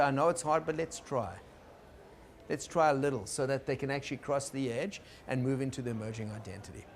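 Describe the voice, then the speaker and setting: A man teaching about conflict in a gentle, explaining lecture style, checking in with his listeners. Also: a little high, slight background noise. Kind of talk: recorded lecture.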